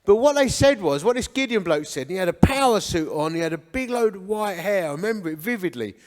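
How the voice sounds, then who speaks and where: At a church men's breakfast in a church hall, a man in his forties who founded a men's ministry gives his testimony. An Essex native with an Essex English accent, he speaks fast in a high-pitched, animated voice with a long reverb tail. He narrates his life story in an earnest, conversational storytelling manner.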